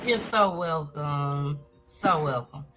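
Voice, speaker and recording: A woman's voice: low voice, slow pace, bright, forceful tone, faint music behind. A woman hosting an online talk show, greeting and bringing up guests, calling them "girl.". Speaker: host.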